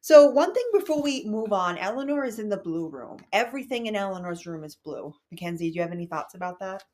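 Young woman, podcast host; chatty, explanatory, mid-pitched. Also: expressive, fast talker, a little mellow. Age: young adult. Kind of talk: casual book discussion.

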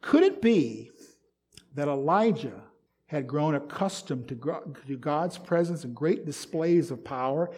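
A man preaching a sermon, reading scripture aloud and commenting on it, swinging from loud emphatic stresses to soft whispers. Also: a little high, animated, measured pace, husky. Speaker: pastor.

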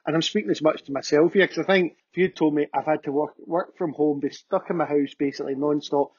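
A man's voice: on the high side, fairly even intonation, fast, a little mellow, breathy edge, no echo. A middle-aged man hosting a podcast, chatting with an enthusiastic manner. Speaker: podcast host. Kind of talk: casual podcast chat. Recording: dull, dry lo-fi sound.

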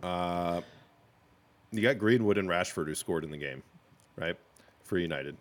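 A man's voice: low voice, measured pace. A man co-hosting a casual sports podcast, talking in an opinionated, joking and rambling way.

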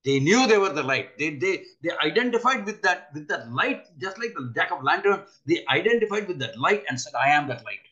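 An older man giving an earnest spiritual talk, often pausing to ask his listeners rhetorical questions. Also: high voice, very animated, pushed and bright, dull audio. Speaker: spiritual teacher.

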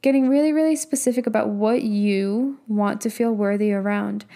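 Warm-voiced woman giving a pep talk. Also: medium pitch, fairly even intonation, moderate pace, gravelly. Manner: emphatic and casual, swears, rhetorical questions. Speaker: business and mindset coach. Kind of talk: motivational talk.

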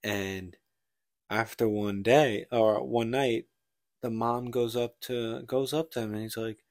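A man's voice: medium pitch, fairly even intonation, takes it slowly, darkish tone, dry recording, clean studio sound. A man co-hosting a casual podcast, retelling a book plot in a rambling way and acting out the characters' lines. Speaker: podcast co-host.

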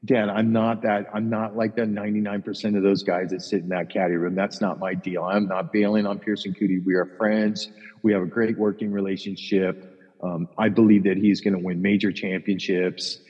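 A man's voice: lowish voice, level tone, fairly quick, slightly rough. A middle-aged man, a podcast co-host and caddie, telling a long rambling story in casual, profane chat, acting out other people's lines. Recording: dull lo-fi sound with long reverb.

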